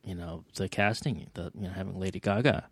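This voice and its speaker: A man's voice: low voice, fairly quick, husky, no echo. A man co-hosting a casual chat, hesitant and repeating words as he starts. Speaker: podcast co-host.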